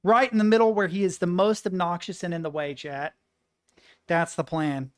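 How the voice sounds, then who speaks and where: A woman streaming live and chatting casually to her viewers. She swears freely and mutters to herself, then bursts out loud. Her voice sits a little low. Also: normal speed. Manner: swearing, excitable, muttering between outbursts.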